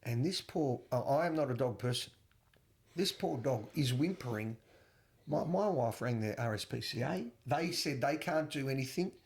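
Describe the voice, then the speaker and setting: A man's voice: mid-range voice, lively intonation, moderate pace. A man with an Australian accent co-hosting a podcast, talking bluntly and animatedly in casual chat and swearing freely. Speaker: podcast co-host.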